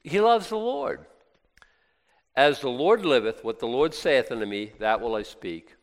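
A man preaching a sermon, reading scripture aloud and breaking into lively, sarcastic asides. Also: medium pitch, a little slow. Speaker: pastor. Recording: long hall reverb.

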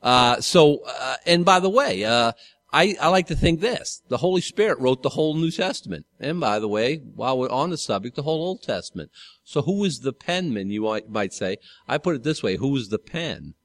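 A man's voice: mid-range voice, expressive, normal speed, no room sound. A man pastor teaching a Bible study sermon in a conversational way, often correcting himself and asking the congregation questions.

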